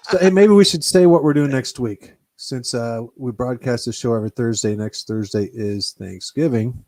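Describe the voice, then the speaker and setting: A man's voice: mid-range voice, moderate pace, mellow, dry recording. A man hosting a loose, joking chat show. His voice sits in a middle register and sounds dry and close, with little room around it. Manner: joking, does cartoon impressions. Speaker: show host. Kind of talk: casual chat.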